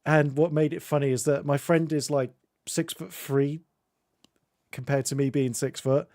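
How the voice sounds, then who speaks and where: A man hosting a game stream, telling stories in casual chat, laughing often and dropping into quick silly voices. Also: a little high, steady tone, a little mellow, dry recording, clean studio sound. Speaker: streamer host. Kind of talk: casual chat while gaming.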